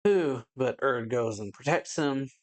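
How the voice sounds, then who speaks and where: A man's voice: medium pitch, a little slow. A man hosting a reaction video, casually reading out a comic chapter and rambling with fillers. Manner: loose, rambling, many fillers like "yeah" and "like". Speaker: anime reaction host.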